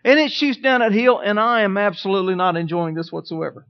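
High-voiced storytelling preacher man. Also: brisk, hardly any pauses, clear, resonant tone. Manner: storytelling preacher, calls out "Amen?" to the congregation. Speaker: pastor. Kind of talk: sermon. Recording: dull lo-fi sermon recording.

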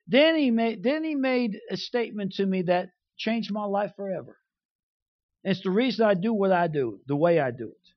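A man preaching a sermon through a comic story, animated, shouting his punchlines and tossing in quick asides, on a dull lo-fi recording. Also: high voice, no room sound.

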